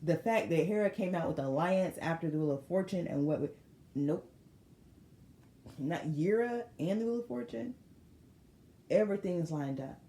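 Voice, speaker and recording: Casting: woman tarot reader, low-ish voice, animated and emphatic, roomy sound with faint noise. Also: normal speed, long pauses. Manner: animated, laughs often, slangy and emphatic. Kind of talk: casual tarot reading to viewers.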